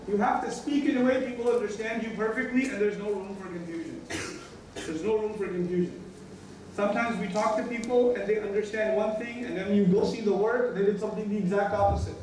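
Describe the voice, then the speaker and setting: American guy preaching friday sermon, high voice, big echoey hall, mic a ways off. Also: steady tone, a little fast, a little mellow, distant mic, a little hiss or hum. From United States. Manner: emphatic, repeats key phrases, acts out quoted dialogue. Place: mosque prayer hall.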